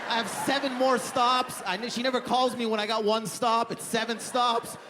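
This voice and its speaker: A man's voice: very high-pitched, fairly even intonation, moderate pace, sharp tone, a faint crowd, a little hiss or hum. Rambling young male stand-up comedian. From Canada. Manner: rambling, lots of "like", self-deprecating. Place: comedy club stage with audience. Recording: live comedy hall reverb.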